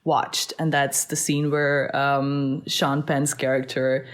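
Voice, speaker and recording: A woman's voice: a bass voice, level tone, takes it slowly. A woman chatting casually as a podcast guest, talking freely, with many fillers and frequent laughs. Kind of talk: casual chat.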